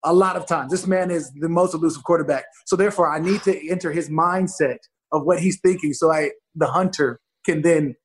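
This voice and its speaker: A man chatting as a guest on a podcast, telling animated stories and acting out quoted voices. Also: on the high side, fairly quick, few pauses, slight background noise. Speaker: guest football player. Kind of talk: casual podcast chat.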